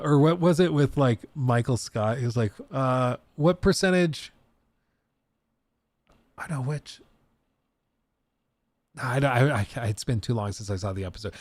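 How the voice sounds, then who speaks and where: Animated American man chatting on stream. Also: mid-range voice, no room sound. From United States. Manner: animated, rambling, laughs often. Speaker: streamer host. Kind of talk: casual livestream chat.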